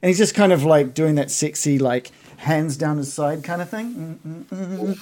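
A man narrating as game master, relaxed with chuckles and fillers. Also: fairly high pitch, normal speed, a crowd in the background.

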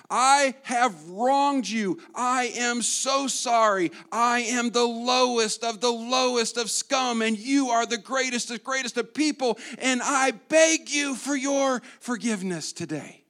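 A man voicing an overwrought wrongdoer who grovels and begs for forgiveness in a loud, exaggerated plea. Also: slow pace, few pauses, exaggerated voice. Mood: groveling. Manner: loud, high-pitched, exaggerated pleading.

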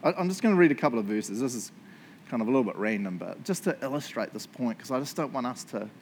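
A man's voice: mid-range voice, expressive, quick pace, a little hiss or hum. A man preaching a casual sermon, joking often and asking "right?" after points. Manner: chatty, joking, tag questions. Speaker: pastor.

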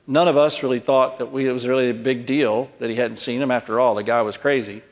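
Man, mid-pitched voice, earnest preaching, frequent restarts, long hall reverb. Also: fairly even intonation, fast talker. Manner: earnest storytelling, with restarts and repeated words. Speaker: conference speaker. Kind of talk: sermon-style talk with closing prayer.

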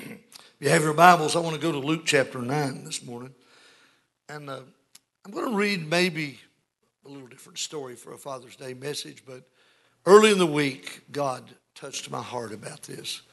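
An older man preaching a sermon as pastor, swinging between booming lines and hushed ones. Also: moderate pace.

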